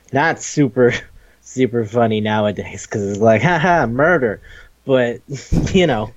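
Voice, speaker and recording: A man's voice: mid-range voice, darkish tone, dry recording. Rambling, laughing man on a dull dry mic. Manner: rambling, laughs often, swears casually. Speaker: podcast host. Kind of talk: casual manga review chat.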